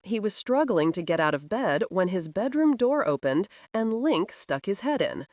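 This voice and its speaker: A woman narrating a romantic thriller audiobook with expressive storytelling. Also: mid-range voice, normal speed, no room sound, studio quality.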